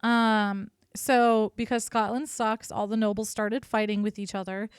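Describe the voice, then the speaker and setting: A woman's voice: mid-range voice, level tone, measured pace, smooth, no room sound, clean studio sound. A woman co-hosting a podcast, telling history in a casual, irreverent way and swearing freely. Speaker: podcast co-host.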